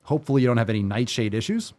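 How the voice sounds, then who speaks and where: A man's voice: medium pitch, very animated, racing, a little mellow. A male podcast host with a middle-range voice who rants bluntly and sarcastically, swearing freely as he goes. He speaks in a casual, off-the-cuff manner. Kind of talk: casual ranting commentary.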